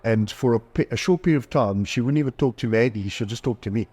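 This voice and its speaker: A middle-aged man who works as a psychologist and author talks openly on a podcast, poking fun at himself and acting out quoted dialogue in his personal stories. He speaks fast in a mid-range voice that is a little mellow with a breathy edge.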